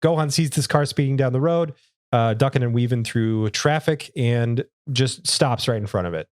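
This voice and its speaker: A man's voice: mid-range voice, normal speed, a little mellow, dry recording, studio quality. A man co-hosting a podcast, casually retelling episodes and laughing often. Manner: laughs often, retells scenes with quoted lines. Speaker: podcast co-host. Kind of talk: casual recap chat.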